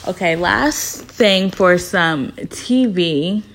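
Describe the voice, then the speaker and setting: A woman's voice: fairly low pitch, extremely slow, fairly bright tone, slight background noise. A woman hosting a podcast in casual chat, gossipy and chatty, with lots of filler words. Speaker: podcast host.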